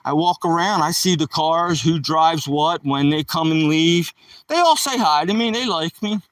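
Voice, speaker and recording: A man's voice: on the high side, normal speed, fairly bright tone, no room sound, far from the mic, rough recording. A man live streaming while he walks his dog on a rural dirt road, chatting loosely with the viewers in his chat.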